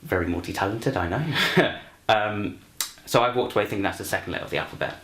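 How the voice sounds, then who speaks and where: A young London man, a university student and actor, introduces himself and tells a comic story, rambling with lots of fillers and restarts. He talks fast in a lowish, expressive, fairly bright voice. The recording has a roomy echo and faint music.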